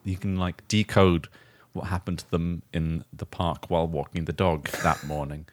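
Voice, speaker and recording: A man's voice: deep voice, fairly even intonation, normal speed, no room sound. A man hosting a comedy podcast, rambling and laughing in casual chat. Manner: rambling, laughing, hesitant with fillers. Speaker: podcast host.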